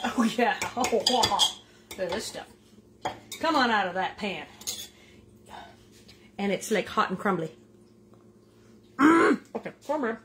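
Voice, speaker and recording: An older woman hosting a casual home cooking vlog. She is chatty and animated and keeps tasting as she talks. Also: medium pitch, slow, long pauses, background noise. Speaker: cooking show host. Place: home kitchen.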